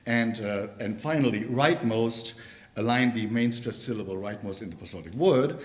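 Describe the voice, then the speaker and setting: A man giving an academic conference talk on linguistics in a university lecture room, pausing often and restarting his sentences. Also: fairly low pitch. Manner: halting, with many fillers and restarts.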